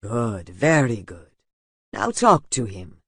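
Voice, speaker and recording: Play as a man reading a patient mentor, a touch lower, slow and gentle, dry audiobook booth. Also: big pitch swings, breathy edge, dry recording, exaggerated voice. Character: calm patient male dragon shifter mentor.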